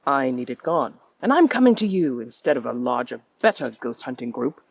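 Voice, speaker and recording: A game master puts on a middle-aged theater owner with an affected posh British accent and a permanent sneer. He confesses reluctantly, looking down his nose. The tabletop game voice is pitched a little higher than the game master's own and sounds dry. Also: big pitch swings, fairly quick, vocal fry, slightly rough, no room sound, exaggerated voice. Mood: smug, then worried.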